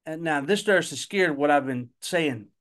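Man telling a story, mid-high voice. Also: lively intonation, normal speed, a bit bright. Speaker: podcast co-host, father. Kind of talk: casual storytelling chat.

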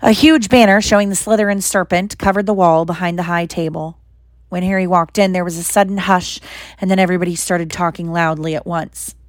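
Woman narrator for a storybook reading, steady, dry close sound. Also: fairly low pitch, brisk, no room sound. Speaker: reader. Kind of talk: reading a novel aloud.

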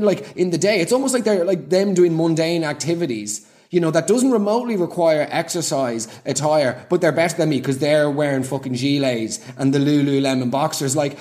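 A man's voice: fairly high pitch, a little mellow. A man delivering a sarcastic comic monologue, full of ranting, exasperated asides. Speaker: comedian.

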